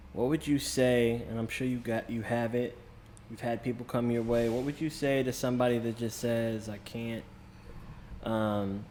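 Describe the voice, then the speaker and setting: A man hosting a casual talk show, with an everyday mid-range voice. He speaks loosely and reflectively and pauses with fillers. A faint ambient hum sits under his studio mic. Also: mid-range voice. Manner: relaxed, searching for words with fillers. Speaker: podcast host. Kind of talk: casual conversation. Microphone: studio microphone.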